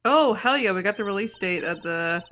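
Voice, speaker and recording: A woman's voice: medium pitch, expressive, moderate pace, a bit bright, a little hiss or hum. A woman casually chatting and swearing with a friend while they stream a video game. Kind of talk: casual gaming chat.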